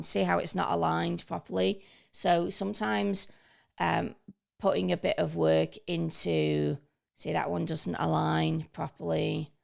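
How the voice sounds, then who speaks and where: A woman's voice: low voice, gravelly, a little mellow. A woman giving a casual, chatty tutorial, upbeat and full of ums and uhs. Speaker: online training presenter. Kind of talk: casual screen-share tutorial.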